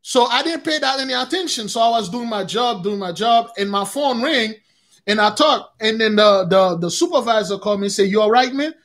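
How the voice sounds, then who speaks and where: A man with a notably high voice shares a loose, rambling testimony with his online congregation. He stumbles and restarts often and keeps turning to his listeners as brothers and sisters. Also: fairly quick, fairly bright tone. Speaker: religious YouTube channel host. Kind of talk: casual spoken testimony.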